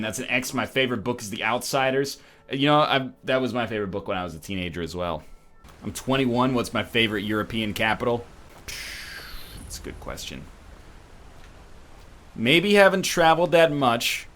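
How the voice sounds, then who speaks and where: Lively, joking man. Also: fairly low pitch. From Canada. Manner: joking, riffing, sarcastic. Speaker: streamer. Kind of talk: casual gaming stream chat.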